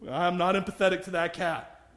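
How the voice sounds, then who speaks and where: Joking about himself and often laughing, a man gives a sermon in a church sanctuary. He has a high, slightly bright voice with a steady tone, speaking a little slowly, and the space sounds big.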